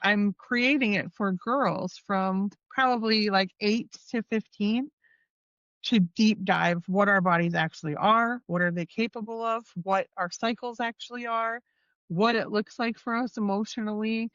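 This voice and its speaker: A woman's voice: medium pitch, fairly even intonation, a little slow, fairly bright tone, no room sound. Earnest woman, slightly muffled sound. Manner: earnest, emphatic. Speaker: guest. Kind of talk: casual conversation.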